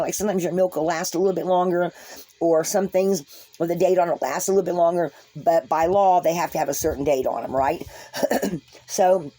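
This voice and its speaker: Woman vlogger rambling thru a story, folksy, lots of restarts, fairly low warm voice. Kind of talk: casual storytelling to camera.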